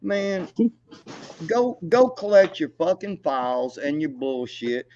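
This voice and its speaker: Ranting high-voiced man, lo-fi. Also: sing-song, takes it slowly, a little mellow, slight background noise. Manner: angry, profane, taunting, laughs mockingly. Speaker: livestream co-host. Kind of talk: heated livestream rant.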